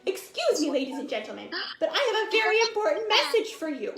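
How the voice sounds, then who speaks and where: A woman voicing a chatty, needy male cow puppet who talks fast and laughs as he speaks. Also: very high-pitched, huge pitch swings, a crowd in the background, voice pushed up, full character voice. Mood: pleading. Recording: roomy, with loud guitar.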